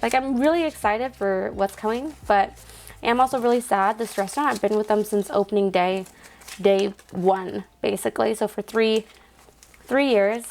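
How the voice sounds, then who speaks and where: A woman's voice: mid-range voice, darkish tone, a little hiss or hum. A young woman vlogging casually to her phone camera indoors, chatting with lots of "like" fillers and counting cash aloud.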